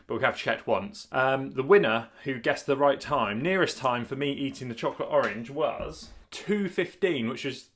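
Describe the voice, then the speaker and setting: A man's voice: fairly high pitch, fairly bright tone. A man vlogging in casual chat, rambling, laughing often and correcting himself as he goes. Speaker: cycling vlogger.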